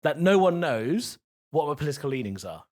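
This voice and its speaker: A man's voice: fairly high pitch, big pitch swings, a little mellow. A man co-hosting a comedy podcast, pushing back playfully and defending himself in casual banter. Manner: argumentative, quick to push back, playful.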